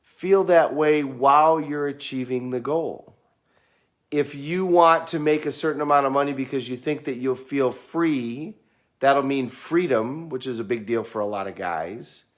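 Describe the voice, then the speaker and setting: A man's voice: mid-range voice, unhurried. A man coaching his viewers in a motivational talk, earnest and repeating key phrases for emphasis. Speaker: self-help coach.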